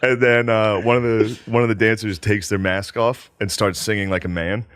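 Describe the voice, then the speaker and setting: Animated guy telling a story, low voice that swings, dry close sound. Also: normal speed, clear, resonant tone, no room sound. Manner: animated storytelling, laughs often. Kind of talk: casual chat.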